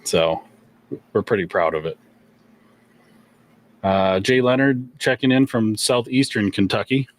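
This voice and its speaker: A man's voice: lowish voice, unhurried, pauses often. A man hosting a gun shop livestream, reading viewer questions in a laid-back, chuckling way with lots of fillers.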